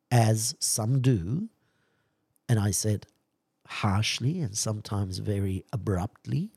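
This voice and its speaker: A male preacher gives a sermon in an unhurried, emphatic way, with a husky, mellow voice. His pitch swings widely, climbing when he reads quoted passages aloud, and he often repeats his key phrases. The recording is close and dry, with no room sound. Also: no room sound.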